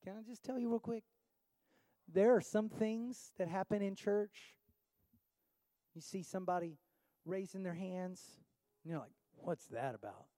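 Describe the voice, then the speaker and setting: A man's voice: high voice, fairly even intonation, measured pace, pauses often, warm tone, dry recording. A man pastor preaching a sermon with rhetorical questions, building to an impassioned altar call.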